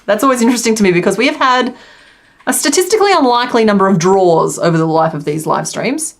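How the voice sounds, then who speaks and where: A woman's voice: mid-range voice, expressive, fast. A young woman chatting casually with her live-stream viewers while she crochets, laughing often and counting stitches under her breath. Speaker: crochet livestream host.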